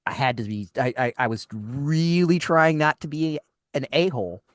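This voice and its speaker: A man's voice: a little high, lively intonation, normal speed, no room sound, studio quality. A man co-hosting a radio talk show, telling a long exasperated story in casual chat, acting out the dialogue and often restarting his sentences. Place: radio studio.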